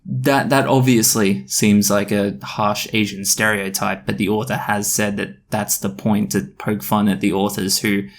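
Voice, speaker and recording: A man's voice: fairly low pitch, flat delivery, a little slow, few pauses. Wry man reading with asides. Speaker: YouTuber reading stories. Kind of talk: dramatic reading with comedic commentary.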